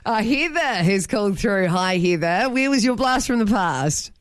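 A woman's voice: mid-range voice, animated, normal speed, no echo. A woman hosting radio, bubbly and laughing often in banter. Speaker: radio host.

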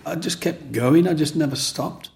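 A man's voice: on the high side, normal speed, gravelly, a little mellow. An older man telling his own story in a rambling, restart-filled way, as an interviewee. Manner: rambling, with restarts and "you know what I mean".

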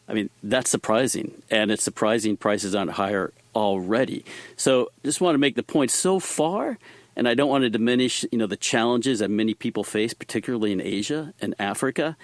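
A man's voice: lowish voice, no echo. A man being interviewed as an energy market analyst, speaking in a casual, plain-spoken way. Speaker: energy research analyst guest. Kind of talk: interview answers.

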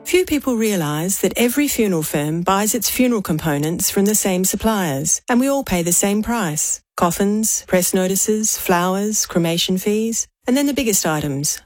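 A woman's voice: medium pitch, darkish tone, no echo. Earnest woman in a dry radio ad. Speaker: funeral business owner. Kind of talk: radio ad read.

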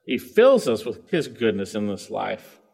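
A middle-aged man preaching a sermon, reading scripture aloud and then explaining it, his pitch rising and falling for emphasis. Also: unhurried, vocal fry, husky. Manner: expressive, rises and falls in pitch for emphasis. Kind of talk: expository sermon.

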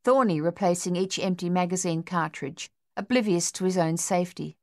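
A woman reading an audiobook in measured, even storytelling narration. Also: on the low side, no room sound, clean studio sound.

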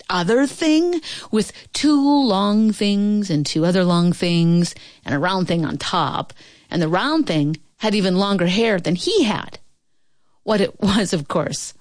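Lively woman reading a storybook. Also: lowish voice, dry recording, studio quality. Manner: expressive, playful narration.

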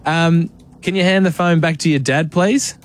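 A man's voice: on the high side, fairly even intonation, moderate pace. An Australian man hosting a radio show, playfully teasing a caller in casual chat. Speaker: radio host.

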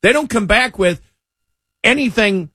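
A man's voice: high voice, lively intonation, a little slow, bright, forceful tone, dry recording, studio quality. A man hosting political talk radio, scornful and emphatic, often repeating himself as he builds a point.

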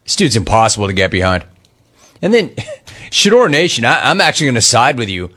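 A man's voice: medium pitch, sing-song, fairly quick, bright, forceful tone. A man hosting sports talk radio, ranting with heated sarcasm and mockery.

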